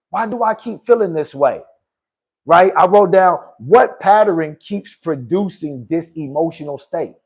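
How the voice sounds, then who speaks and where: A man with a husky, slightly breathy voice pitched on the high side delivers a motivational talk. He preaches in loose, informal speech and circles back to repeat his points so they land. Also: a little mellow. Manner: preachy, repeats lines for emphasis, calls listeners "good people". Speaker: podcast host and life coach.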